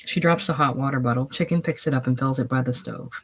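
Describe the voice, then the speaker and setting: A reader reading stage directions aloud in a plain, matter-of-fact way, with a husky tone. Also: medium pitch, fast, poor audio.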